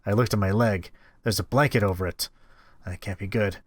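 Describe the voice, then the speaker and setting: A man reading a visual novel aloud as a game host, expressive with wry asides. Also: lowish voice, fairly quick, no room sound. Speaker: let's-play host.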